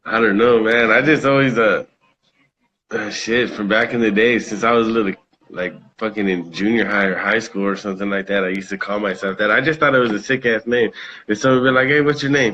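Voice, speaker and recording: A man's voice: lowish voice, a bit bright, highs cut off, slight background noise. A man telling stories in a casual interview, laid-back, swearing freely and laughing often. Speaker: rapper being interviewed.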